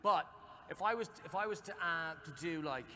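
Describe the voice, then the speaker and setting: A man's voice: a little high, normal speed, sharp tone, a little hiss or hum. A man with an Irish accent, joking and swearing freely as an actor on a convention panel. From Ireland. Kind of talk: casual panel chat. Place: large convention hall. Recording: echoey convention hall.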